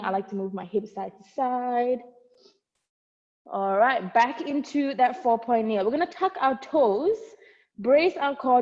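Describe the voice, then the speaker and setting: A woman's voice: high-pitched, a little mellow. A young woman leading an at-home barre workout, cueing moves and counting reps, sometimes out of breath, recorded on earbuds. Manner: encouraging cueing with counts, light laughs. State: out of breath at times while exercising. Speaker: barre instructor. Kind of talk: guiding an at-home workout class. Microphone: wireless earbuds. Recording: dull lo-fi sound with long reverb.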